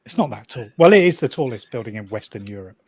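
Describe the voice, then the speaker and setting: A man's voice: medium pitch, lively intonation, fast talker, breathy edge, no echo. A man from Wales, chatting casually and dryly, teasing and laughing at his own jokes. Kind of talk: casual chat.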